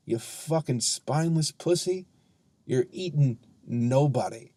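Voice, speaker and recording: A man, a comedian hosting his own podcast, ranting heatedly and sarcastically with lots of profanity and drawn-out emphasis. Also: medium pitch, darkish tone, no room sound. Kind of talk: ranting solo podcast monologue.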